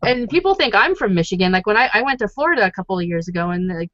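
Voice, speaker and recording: A woman's voice: medium pitch, animated, racing, a bit bright, no echo, soft background music. A woman co-hosting a casual recap podcast, gossiping freely and slipping into quoted asides. Her voice is dry and close, with no room sound, on a dull, lo-fi recording. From Canada. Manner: chatty, gossipy, lots of fillers and quoted asides. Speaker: podcast co-host. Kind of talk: casual chat.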